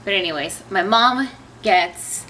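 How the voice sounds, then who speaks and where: Chatty young woman with a bright voice. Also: medium pitch, animated, unhurried, slight background noise. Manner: chatty, rambling, many fillers and asides. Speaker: vlogger. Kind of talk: casual storytelling to camera. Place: at home.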